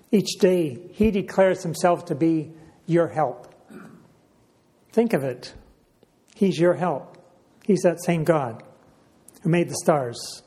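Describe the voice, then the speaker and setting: A man delivers a sermon in a somewhat high voice. He speaks in a measured way and leans on repeated phrases for emphasis. He stops often to clear his throat. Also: mellow. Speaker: preacher.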